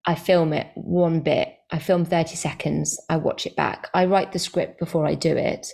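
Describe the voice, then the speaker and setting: A chatty woman comedian talking casually as a guest in an interview. Her voice sits fairly low and has a gravelly edge. She often restarts her sentences and fills the pauses. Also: steady tone, a little mellow. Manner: chatty, self-correcting, many fillers.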